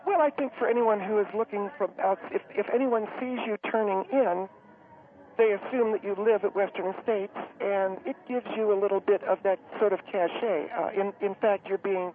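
A man voicing a high-strung, well-to-do woman who talks haltingly with many fillers. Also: lightly acted. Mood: hesitant. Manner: halting, hesitant, many fillers, later panicky and breathless. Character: fussy upscale woman, community spokeswoman, high-strung. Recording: tinny phone-line radio sound.

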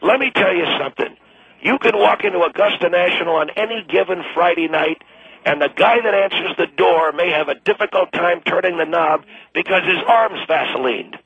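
An elderly man in his late seventies talks bluntly and crudely, as if nothing will stop him. His voice sits a little high and is gravelly and husky. He is heard over a thin, tinny phone line. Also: normal speed, dry recording. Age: 70s. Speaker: retired attorney, radio guest. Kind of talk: call-in radio talk.

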